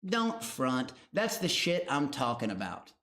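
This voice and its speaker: A man's voice: mid-range voice, sing-song, a little slow, a bit bright. A man streaming a reaction to a show, loose and profane, chatting with his viewers. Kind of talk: casual reaction commentary to chat.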